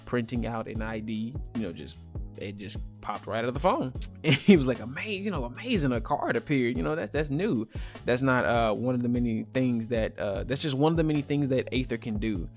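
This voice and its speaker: A man's voice: medium pitch, a little fast, vocal fry, darkish tone, faint music behind. A man giving a casual, loose recap of a manga chapter, full of "you know" fillers and chuckles. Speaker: manga reviewer.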